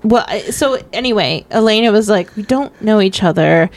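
A woman's voice: mid-range voice, animated, moderate pace. A woman co-hosting a podcast, chatting casually about a movie with many fillers and restarts. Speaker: podcast co-host.

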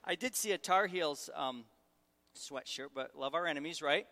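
A middle-aged man delivers a sermon as a guest preacher, teasing the crowd and drawing it in with questions. His voice sits a little high and rings bright and forceful. A long reverb from a large hall trails after every phrase. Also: normal speed. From Syracuse, New York. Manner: humorous, engaging the audience.

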